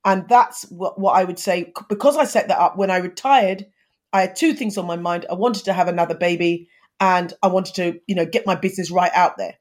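A woman's voice: on the low side, fairly quick. Earnest woman in her fifties giving advice. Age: 50s. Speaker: guest. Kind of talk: conversational interview.

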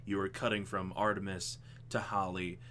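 A man co-hosting a casual podcast, talking animatedly about a film adaptation, with frequent ums and quick laughs. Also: sits low, level tone, fairly bright tone, slight background noise. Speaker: podcast co-host.

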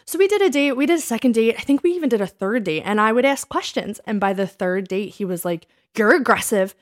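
A woman telling funny stories about old dates in a casual chat, laughing often and acting out what she said back then in a higher voice. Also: fast. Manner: animated, laughing, quotes herself in a higher voice. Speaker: podcast co-host.

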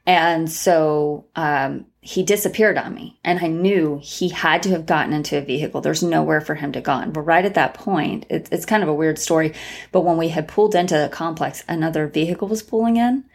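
Podcast guest: woman with a low, gravelly voice, rambling through a story. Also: normal speed. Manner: rambling, many restarts and fillers. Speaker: guest, tarot reader and former crime analyst. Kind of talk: casual storytelling interview.

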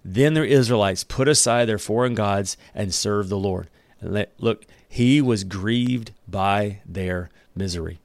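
A man's voice: fairly low pitch, unhurried, vocal fry, no echo. Chatty man teaching Scripture, dry sound. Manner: conversational, with joking asides and chuckles. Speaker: Bible study teacher. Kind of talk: casual Bible teaching.

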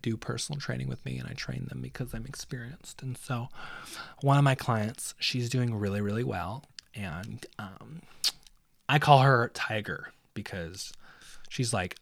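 A young man rambles through a profane story on his own podcast, swearing freely and laughing as he goes. His voice sits at an ordinary middle pitch, and the sound is dry and close, with no room around it. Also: lively intonation, normal speed, creaky, a bit bright, no echo. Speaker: podcast host. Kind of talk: casual solo monologue.

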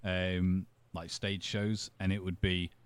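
A man's voice: sits low, little pitch movement, takes it slowly, clear, resonant tone, dry recording. A man, a podcast co-host, chatting in a laid-back way and chuckling often. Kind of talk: casual chat.

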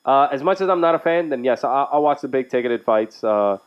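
A man's voice: mid-range voice, lively intonation, a little fast, smooth, highs cut off. A man co-hosting a casual podcast, brash and jokey, swearing freely as he talks about sports. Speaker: podcast co-host.

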